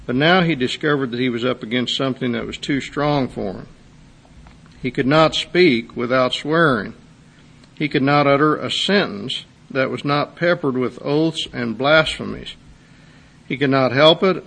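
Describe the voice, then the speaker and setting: A man's voice: mid-range voice, moderate pace, creaky, fairly bright tone. A man preaching a sermon, reading a testimony aloud and then expounding on it with rising intensity. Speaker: pastor.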